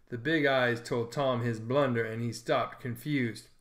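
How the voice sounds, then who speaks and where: A man narrating a classic novel in a measured, expressive storybook reading. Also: mid-range voice.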